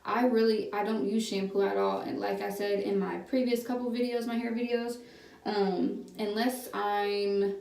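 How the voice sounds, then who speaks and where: Chatty young woman with a gravelly edge. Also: mid-range voice, little pitch movement, moderate pace, darkish tone. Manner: chatty, rambling with many fillers and restarts. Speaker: hair vlogger. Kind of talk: casual tutorial chat. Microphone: phone camera. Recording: roomy, slightly distant phone recording with faint background hum.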